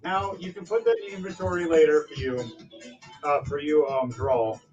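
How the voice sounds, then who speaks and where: High, lively game master man. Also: moderate pace. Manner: animated, laughing often, swearing. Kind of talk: narrating a tabletop game. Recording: dull lo-fi audio with faint music.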